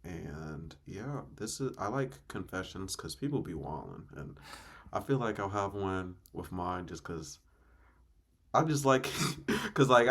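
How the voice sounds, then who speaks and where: A man hosting a reaction video, talking in loose slangy banter with loud outbursts. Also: deep voice. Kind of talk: casual reaction commentary.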